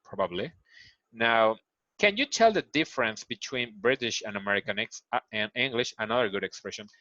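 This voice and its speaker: Teacher with a Spanish accent, dull lo-fi sound. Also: male voice, on the low side, lively intonation, bright, forceful tone, no echo. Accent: Mexican Spanish. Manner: explains slowly, repeats key phrases, acts out example lines. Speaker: English teacher. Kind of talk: recorded online grammar lesson.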